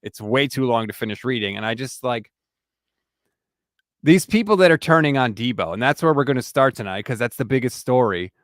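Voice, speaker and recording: Male podcast co-host, casual and animated, dry close-miked sound. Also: mid-range voice, brisk, no echo. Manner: animated, reads listener reviews aloud, gets emphatic.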